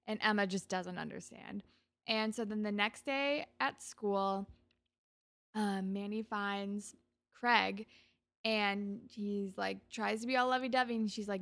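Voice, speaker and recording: A woman co-hosting a podcast, casually recapping a TV episode and acting out the characters' lines in quick quoted bits, with lots of fillers. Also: on the high side. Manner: animated retelling with quoted voices, frequent fillers. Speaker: podcast co-host.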